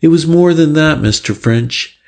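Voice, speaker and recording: A man's voice: a little high, expressive, unhurried, vocal fry, a little mellow, voice pushed up. A man reading aloud, voicing a nervous young woman with a Lancashire accent who speaks anxiously and pleadingly. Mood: fearful.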